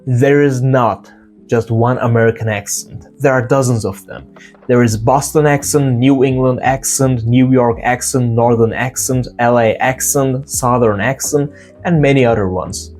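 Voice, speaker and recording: A young man from Turkey with a Turkish accent, hosting a casual English lesson, blunt and swearing at times, slowly demonstrating sounds. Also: mid-range voice, a little mellow, faint music behind. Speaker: English teacher, channel host.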